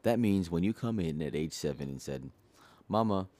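Very deep-voiced man reading aloud. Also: a little fast, no room sound. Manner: steady, earnest, addresses the listener directly. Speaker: audiobook reader. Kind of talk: reading a self-help book aloud.

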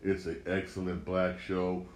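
A man's voice: low voice, completely flat delivery, a little slow, slight background noise. A man hosting a casual solo podcast, talking off the cuff with lots of swearing, repeated words and stumbling restarts. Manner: profane, repetitive, stumbling restarts. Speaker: podcast host. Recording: echoey room with faint ambience.

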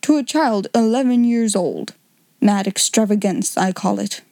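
A woman's voice: mid-range voice, measured pace, dark tone, dry recording, close to an everyday voice. Storybook: a woman playing a clipped, disapproving male solicitor, dry close sound. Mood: curt disapproval.

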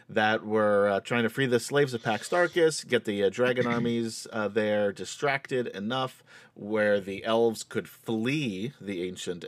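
A man's voice: on the low side, no echo. A man hosting a tabletop game stream as game master, chatty and laughing with fillers as he recaps the story.

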